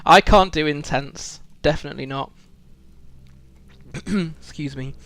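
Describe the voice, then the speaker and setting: A man's voice: on the high side, unhurried, a bit bright, no echo. A British man streaming a video game, chatting reflectively with viewers, full of ums and restarts. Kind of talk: casual live-stream chat while playing.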